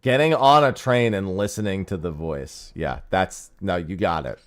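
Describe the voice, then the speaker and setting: A man's voice: low voice, moderate pace. A man streaming an online game and chatting casually with viewers, sarcastic and swearing now and then. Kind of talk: casual chat while gaming.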